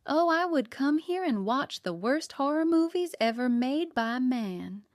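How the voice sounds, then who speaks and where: A shrewd, homespun older baker woman, put on by a female narrator for a storybook mystery, drawling her thoughts out slowly in a raised, lilting voice. The tone is smooth and close, with no room sound around it. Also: high voice, animated, no echo, pitched above the performer's own voice. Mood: nostalgic. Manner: slow, homespun, musing.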